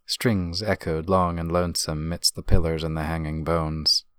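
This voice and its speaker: A man with an exceptionally deep voice reads a fantasy story at a measured, descriptive pace. The sound is dry and close, with no room echo at all. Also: little pitch movement, fairly bright tone, smooth. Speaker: narrator. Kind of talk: scripted fantasy audiobook narration.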